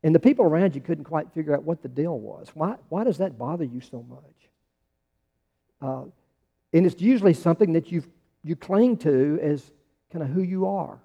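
Preaching a conversational sermon, this American pastor from the United States restarts phrases and pushes his questions harder. His male voice is on the high side, gravelly yet mellow, with lively intonation at a moderate pace, recorded with dull sound in a big reverberant hall.

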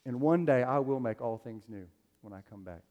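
A man's voice: mid-range voice, expressive, a little fast, a little mellow, muffled recording. A man preaching a sermon as a pastor, telling stories in a loose, conversational way with plenty of fillers. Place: church sanctuary. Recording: long hall reverb.

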